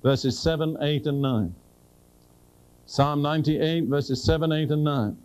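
A man preaches a sermon in an earnest, direct way, slowing down to read scripture with emphasis and repeatedly asking his listeners questions. His voice is medium-pitched with a darkish tone, and the audio quality is poor.

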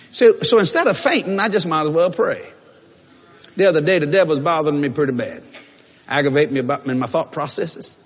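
A man preaching a lively church sermon, joking and breaking into shouted bursts, with a husky voice. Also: fairly high pitch. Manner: animated, shouting in bursts, joking, acting out quotes. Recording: long reverb of a church hall.

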